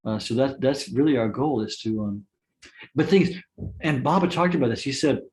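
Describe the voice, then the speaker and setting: A man giving a spiritual satsang talk, telling personal stories with soft laughs and frequent restarts. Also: medium pitch, expressive, moderate pace. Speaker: spiritual teacher.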